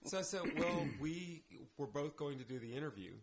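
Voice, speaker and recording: A man's voice: on the high side, animated, fairly quick, crowd noise. A man, a theater director guest on a podcast, telling anecdotes in casual chat and acting out the lines he quotes.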